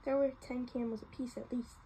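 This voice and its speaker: A woman voicing a bright, teasing teenage girl in a playful manner while reading a novel aloud. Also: on the high side, flat delivery, brisk, slight background noise, close to an everyday voice, poor audio.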